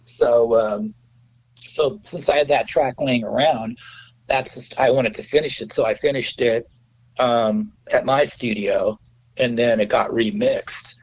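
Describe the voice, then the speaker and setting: A man sits as a podcast guest and spins a casual studio story at an ordinary pitch. He swears freely, laughs as he goes, and slips into other people's voices to act out what they said. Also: a little slow, breathy edge, poor audio. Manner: profane, laughing storyteller who acts out quotes. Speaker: guest musician. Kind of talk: casual anecdote telling.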